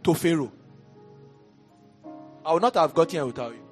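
A man with a Nigerian accent preaching a lively sermon in a church, with asides to the congregation that rise to shouts. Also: a little high, normal speed, soft background music. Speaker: pastor. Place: church hall.

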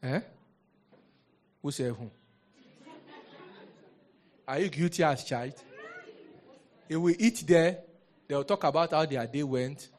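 A man preaching a sermon as a pastor, lively and rhetorical, often asking the congregation questions. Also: on the high side, takes it slowly, pauses often, some chatter behind.

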